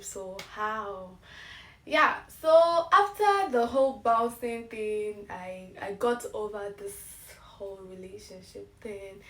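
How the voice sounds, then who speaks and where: A woman's voice: medium pitch, roomy sound, distant mic. A young woman in her twenties from Ghana, telling a casual story-time vlog and laughing as she acts out the emails she got. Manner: animated, laughing, acts out emails in bright voices. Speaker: vlogger.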